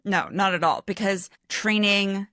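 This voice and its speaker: Female podcast co-host, earnest book analysis, medium pitch, dry room. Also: unhurried, sharp tone, no room sound. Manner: earnest, analytical, laughs easily. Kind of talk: casual book discussion.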